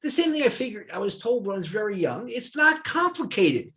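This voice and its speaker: Older guy telling stories, voice jumps all over, kinda high, acts out the quotes. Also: big pitch swings, a little fast, a bit bright. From United States. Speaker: retired professor. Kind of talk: storytelling in a dialogue.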